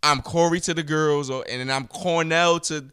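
A man's voice: on the high side, fairly even intonation, moderate pace, pushed and bright, clean tone. A man, chatting casually and telling stories in loose, profane slang. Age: 30s. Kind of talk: casual chat.

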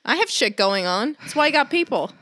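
A young woman co-hosting a casual chat, teasing her friend and reacting with quick interjections. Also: sits high, big pitch swings, fairly bright tone, no echo.

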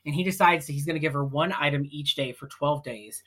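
A woman's voice: low voice, brisk, a bit bright. A woman co-hosting a podcast, recapping a film in blunt, mocking casual chat. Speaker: podcast co-host.

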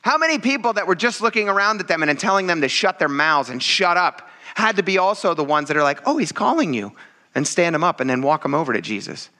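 A man preaching a sermon in a casual, conversational way, often turning to his listeners and building to loud exclamations. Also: a little high, animated, fast talker, few pauses. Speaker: pastor.

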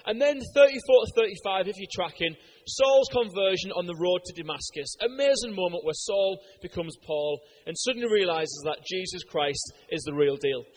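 Chatty high-voiced preacher. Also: male voice, in a large hall, low-quality recording. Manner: chatty, joking, asks the crowd questions. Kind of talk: lively sermon.

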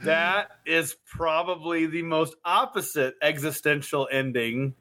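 A middle-aged man cracks jokes as he co-hosts a podcast, his voice bright and sitting a bit above the usual male range. The talk is loose and playful. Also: on the high side, measured pace. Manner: joking, animated banter. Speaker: podcast co-host. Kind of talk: casual chat.

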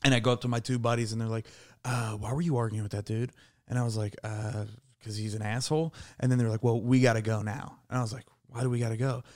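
Animated, swearing podcast co-host man. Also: fast. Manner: animated, swearing, jumps high in pitch for panicked quotes. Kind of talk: casual podcast storytelling.

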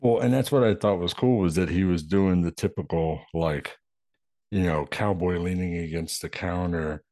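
Low-voiced man in laid-back film chat. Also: normal speed, darkish tone, dry recording. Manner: laid-back, hedging with fillers, swears casually. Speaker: podcast co-host. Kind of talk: casual chat about a film.

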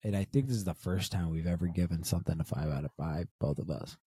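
A young man co-hosting a podcast talks in a loose, rambling way, circling back with restarts and fillers. His voice sits low and warm. The sound is dry and close. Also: quick pace, breathy edge, dry recording. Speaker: podcast co-host. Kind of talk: casual chat.

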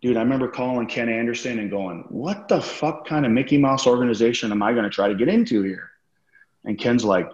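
A man's voice: lowish voice, fairly even intonation, fairly quick, a little mellow. A man, a former wrestler as podcast guest, telling a profane story and acting out what others said. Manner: profane, acts out quoted dialogue. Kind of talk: casual storytelling interview. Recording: roomy, dull lo-fi sound.

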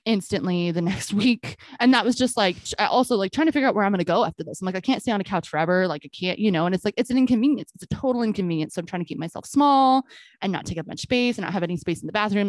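Animated woman telling a story, dry sound. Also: mid-range voice, quick pace, dry recording. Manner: animated storytelling, acting out quoted exchanges with frequent "I'm like". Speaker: podcast co-host. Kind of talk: casual chat.

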